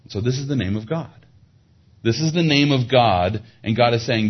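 A man's voice: animated, normal speed, husky. A man preaching a sermon. He teaches verse by verse, explains Hebrew words, and lifts his voice when he drives a point home. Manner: rises in pitch and volume for emphasis. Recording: dull lo-fi sound.

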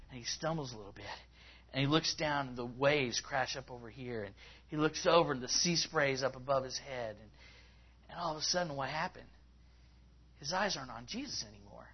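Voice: medium pitch, a little fast, husky. A preacher giving a conversational sermon, telling the story with many asides, in a dull lo-fi recording.

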